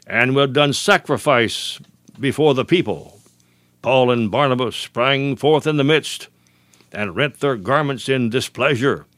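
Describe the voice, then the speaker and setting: A man delivers a radio sermon with a lively, swooping voice that rises sharply on his points. He slows down and repeats key lines for weight. The sound is dry and close, with no room around it. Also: medium pitch, no room sound. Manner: emphatic preaching cadence, slows and repeats key phrases. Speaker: radio preacher. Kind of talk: broadcast sermon.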